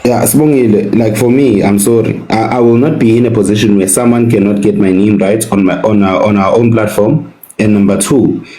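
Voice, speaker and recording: A man's voice: lowish voice, warm tone, echoey room, rough recording. A South African man on a live panel debate, speaking indignantly and repeating his points for emphasis.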